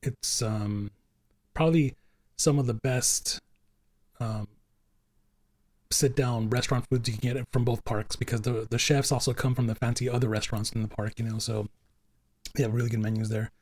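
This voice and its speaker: A man's voice: mid-range voice, steady tone, moderate pace, long pauses, darkish tone, no echo. Man, podcast host, casual chat, rambling, lots of fillers, dry close mic. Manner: rambling, chatty, with frequent fillers and restarts.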